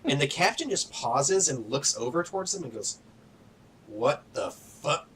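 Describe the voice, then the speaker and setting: A man's voice: a little high, big pitch swings, brisk, fairly bright tone, slight background noise, poor audio. A man narrating as game master in a casual, filler-heavy way.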